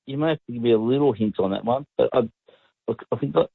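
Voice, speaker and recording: A man with an Australian accent calling in to a radio quiz, friendly and quick. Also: mid-range voice, gravelly, breathy edge, dry recording. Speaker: caller. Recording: phone line.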